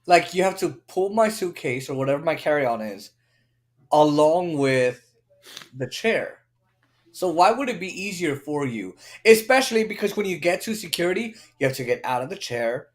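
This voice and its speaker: A man co-hosting a casual chat who reacts with quick, incredulous rhetorical questions. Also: fairly high pitch, lively intonation.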